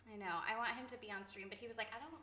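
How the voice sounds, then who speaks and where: A woman's voice: mid-range voice, steady tone, racing, sharp tone, reverberant. A woman and voice actor chatting on a casual game stream, giggling often and reading viewer comments aloud. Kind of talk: casual live-stream chat.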